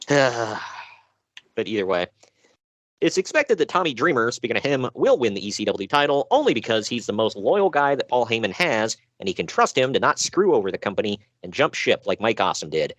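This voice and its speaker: A man co-hosting a podcast in casual chat, animated, laughing and sighing between points. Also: medium pitch, normal speed, no echo. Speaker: podcast co-host.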